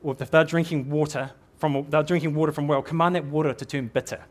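Earnest middle-aged New Zealand preacher, slightly high male voice, exhorting sermon delivery. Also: steady tone, quick pace. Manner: earnest, exhorting, repeats words as he builds.

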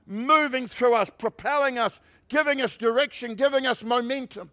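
A man pastor preaching a sermon, shifting from conversational asides to loud, emphatic preaching. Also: very high-pitched, moderate pace, few pauses.

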